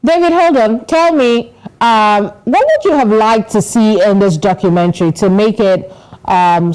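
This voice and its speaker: A woman news anchor interviewing a guest, asking measured, probing questions with a few hesitant fillers. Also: mid-range voice, darkish tone, poor audio.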